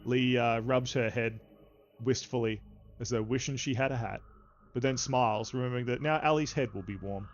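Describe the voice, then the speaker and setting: Halting male game master, muffled sound. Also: mid-range voice, a little hiss or hum. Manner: halting, lots of fillers. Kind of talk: narrating a tabletop game.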